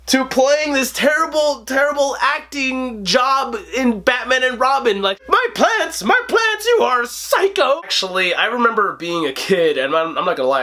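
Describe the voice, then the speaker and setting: A man in his twenties hosting a casual movie review vlog, animated and joking, laughing often. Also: high voice. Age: 20s. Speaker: host.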